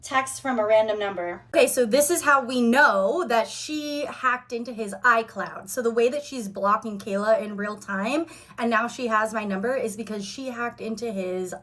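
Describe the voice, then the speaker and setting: A woman's voice: a little high, a bit bright. A woman vlogger telling a story in a brash, profane, sassy rant.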